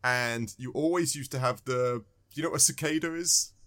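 A man's voice: medium pitch, moderate pace, a bit bright. A man co-hosting a casual chat about a video game, rambling and repeating words as he thinks. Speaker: podcast co-host.

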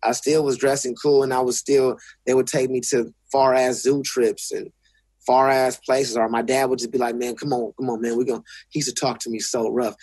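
Husky LA guy cussing and restarting in a casual interview, dry close sound. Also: medium pitch, little pitch movement, moderate pace, darkish tone, no room sound. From South Central Los Angeles. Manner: blunt, profane, restarts often. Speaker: guest.

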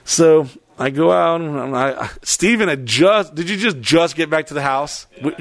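A man casually telling a story on a podcast, animated and profane, acting out the voices of other people. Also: on the high side, normal speed, no room sound. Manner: animated, swears a lot, acts out voices.

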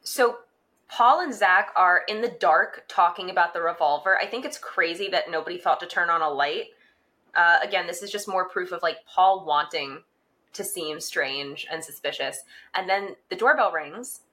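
Bright-voiced woman podcast co-host. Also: lowish voice, moderate pace. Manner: relaxed, amused, reads from her notes. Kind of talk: casual recap chat.

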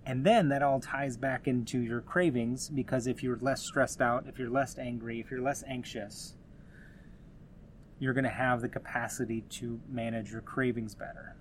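A man's voice: mid-range voice, fairly even intonation, normal speed, slight background noise. Casual man talking on his own podcast. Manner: conversational, rambling with frequent restarts and asides. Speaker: podcast host. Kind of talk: casual solo podcast talk.

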